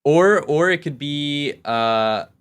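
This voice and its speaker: A man's voice: a little high, lively intonation, takes it slowly, fairly bright tone, clean tone. A young man, a gaming guest, answering casually with lots of fillers and a modest tone. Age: young adult. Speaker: guest, pro gamer. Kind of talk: casual podcast interview.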